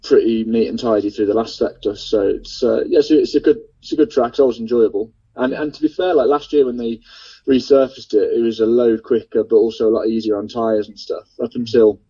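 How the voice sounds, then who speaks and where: A racing driver calling in by mobile phone, explaining car setups in a relaxed way. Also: male voice, mid-range voice, a little fast, slightly rough, no echo. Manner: relaxed, explanatory, laughs easily. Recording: dull mobile phone line.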